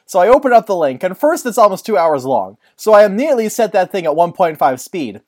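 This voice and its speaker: A woman's voice: on the low side, quick pace, few pauses. A woman co-hosting a podcast, telling stories in a sarcastic, joking way. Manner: sarcastic, animated storyteller. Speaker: podcast co-host. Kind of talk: casual chat.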